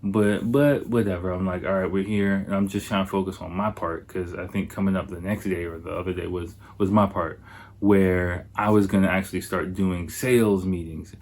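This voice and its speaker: A man hosting a podcast, telling a travel story in a loose, animated way, full of swearing and fillers. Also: deep voice, normal speed. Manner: animated, profane, filler-heavy retelling. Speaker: podcast host. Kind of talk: casual anecdote storytelling.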